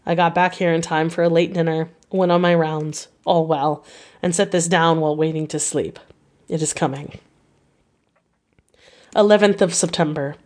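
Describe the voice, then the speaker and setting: A woman reading a diary novel aloud in a measured, unhurried way. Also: low voice, steady tone, darkish tone. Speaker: audiobook reader.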